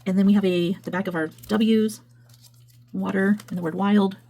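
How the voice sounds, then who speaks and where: A woman's voice: medium pitch, fairly even intonation, moderate pace, creaky, warm tone, poor audio. A woman, chatting casually as a craft video host while flipping through her work and often correcting herself. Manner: chatty, meandering, self-correcting. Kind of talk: casual flip-through chat.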